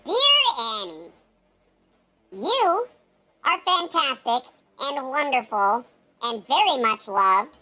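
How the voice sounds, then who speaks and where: A man voicing an excitable, foul-mouthed male squirrel sidekick in a high, squeaky put-on voice. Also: heavily acted. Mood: cheeky affirming. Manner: squeaky, rapid, excitable, cursing.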